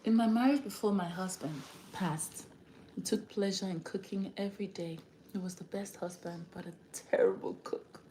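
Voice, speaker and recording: A woman's voice: mid-range voice, normal speed, dark tone, reverberant, slight background noise. A woman with an African accent hosting a casual livestream chat, often breaking into laughter and acting out the voices she quotes. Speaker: livestream host.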